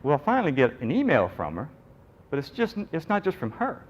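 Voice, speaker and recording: A middle-aged nurse entrepreneur speaks briskly in a fairly high voice at a conference, animatedly telling his story with jokes and acted-out voices for the people he quotes. The highs are cut off, and there's slight background noise.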